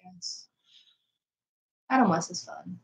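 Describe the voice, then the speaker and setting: A woman's voice: lowish voice, lively intonation, gravelly, poor audio. A young woman chatting casually with a friend, chatty and trailing off at the ends of thoughts. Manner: chatty, trailing off, quick to laugh. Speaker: co-host of a fan-film channel. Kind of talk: casual chat.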